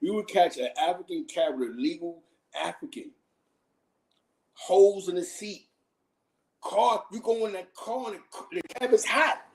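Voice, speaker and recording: A man's voice: high voice, measured pace, long pauses, low-quality recording. Slangy, laughing New man. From Harlem, New York. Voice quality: slangy, laughs often, animated. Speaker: livestream host. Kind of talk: casual street storytelling.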